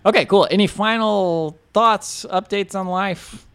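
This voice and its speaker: Relaxed man hosting a casual chat. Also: high voice, unhurried, smooth. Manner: relaxed, reads viewer questions. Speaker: podcast host.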